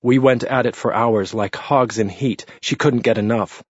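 A man's voice: mid-range voice, steady tone, normal speed, husky, no room sound, lightly acted. A sneering, defiant peasant killer, as a male narrator puts him on. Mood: contemptuous defiance. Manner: contemptuous, leering, defiant taunts. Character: defiant bound peasant assassin man, sneering and blasphemous. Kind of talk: audiobook narration. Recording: dull lo-fi dry read.

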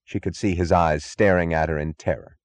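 A man narrating an audiobook in a measured, dramatic reading. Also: low voice, steady tone. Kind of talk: scripted narration.

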